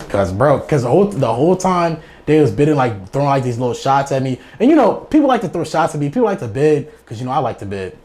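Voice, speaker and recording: A man's voice: medium pitch, quick pace, few pauses. A young man telling a funny personal story in slangy, rambling casual speech, laughing often as he goes. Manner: animated, laughs through the telling. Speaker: guest storyteller.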